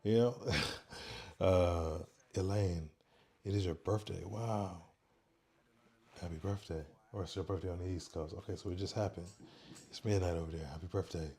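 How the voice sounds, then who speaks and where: A low, warm male voice, hosting a casual livestream. He talks softly and calmly into a neck-worn mic, reading out chat messages in an easygoing way. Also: moderate pace. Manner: soft, quiet, chill talk, reading chat aloud. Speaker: livestream host. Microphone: microphone worn on the neck.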